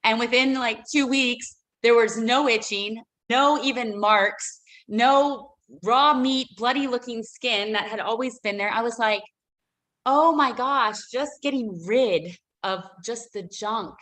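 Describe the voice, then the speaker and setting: A woman's voice: on the high side, slow, fairly bright tone, low-quality recording. A woman, a business owner, telling a personal story as a guest on a radio interview, emotional and rambling with many fillers and restarts.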